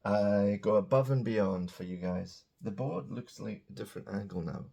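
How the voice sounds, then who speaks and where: A man teaching English grammar in a casual, chatty way, drawing out example words slowly and dropping joking asides, beside a small whiteboard indoors. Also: fairly low pitch, vocal fry, dark tone, breathy edge. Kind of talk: casual grammar lesson to camera.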